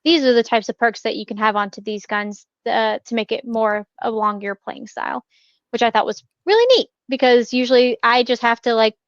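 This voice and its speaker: A laid-back woman co-hosting a pop-culture podcast, with a smooth, fairly high voice. She talks loosely, full of "um" and "like", and swears casually. The recording is dry and a little dull in tone. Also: steady tone, brisk, no room sound. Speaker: podcast co-host. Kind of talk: casual chat.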